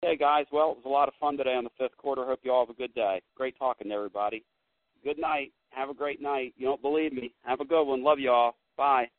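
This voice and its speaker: A man hosting a call-in sports talk show, ranting and swinging between low muttering and loud outbursts. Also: fairly even intonation, fast talker, no echo. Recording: tinny phone-line sound, dry.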